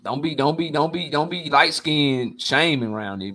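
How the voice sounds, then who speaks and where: With a high, bright voice at a moderate pace, a boxing YouTube host fields his live chat with laid-back commentary. He's animated and blunt, swearing plenty and using heavy slang.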